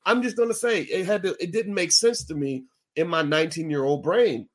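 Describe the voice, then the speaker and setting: Casting: blunt, animated man, voice a little high, talks straight to a room and swings from low asides to loud high bursts. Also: a little fast. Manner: frank and blunt, with profanity. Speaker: speaker. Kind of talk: talk to an audience.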